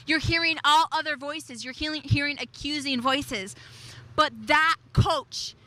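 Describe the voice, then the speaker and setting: A woman preaching a devotional message in an emphatic way, repeating key phrases and slowing down on declarations. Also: high-pitched, sharp tone. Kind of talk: devotional sermon.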